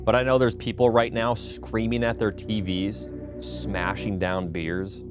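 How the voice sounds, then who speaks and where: Deep-voiced man chatting on a stream. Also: level tone, measured pace. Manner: joking, offhand, answers chat between game moments. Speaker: speedrun streamer. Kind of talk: casual live-stream chat. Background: game music.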